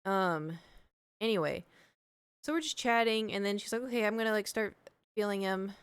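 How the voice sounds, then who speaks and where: A woman's voice: medium pitch, moderate pace, smooth, no echo. A woman streamer telling a story in casual chat, rambling with lots of fillers.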